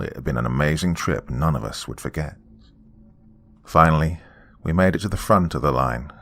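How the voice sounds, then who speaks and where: A deep-voiced man reads a scripted horror story. His delivery is measured, and it falls to a near whisper when the tension builds. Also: gravelly, a bit bright, dry recording.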